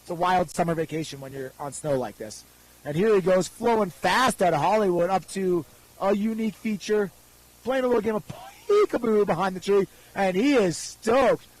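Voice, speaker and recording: An upbeat male announcer calling a live freeride ski contest with quick, joking play-by-play. His voice sits high for a man. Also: no echo, low-quality recording. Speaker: event announcer.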